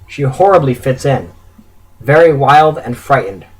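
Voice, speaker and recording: A man's voice: mid-range voice, expressive, unhurried, husky, low-quality recording. A man reading his own written story aloud in an earnest way, with stumbles and self-corrections.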